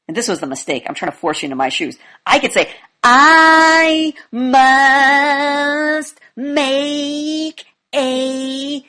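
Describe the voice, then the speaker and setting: A woman speaking coach lecturing her class in an emphatic way, blunt and sometimes profane. She swings between loud demonstrations and quiet asides. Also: lowish voice, husky.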